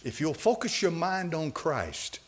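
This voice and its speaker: An older man preaching a sermon in a church, swinging from loud, fervent lines to hushed ones. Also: on the high side, big pitch swings, a little slow. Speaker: pastor. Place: church sanctuary.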